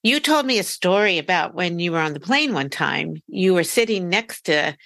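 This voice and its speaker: A woman hosting an interview podcast, reacting eagerly and asking quick follow-up questions. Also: on the low side, animated, creaky, a bit bright, dry recording. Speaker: podcast host. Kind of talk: casual interview chat.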